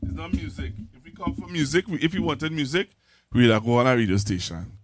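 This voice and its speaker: A man's voice: mid-range voice, lively intonation, a little fast. A Trinidadian man hosting a casual talk show, joking and laughing often as he teases his guest. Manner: jokey, laughs often, teasing. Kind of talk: casual chat.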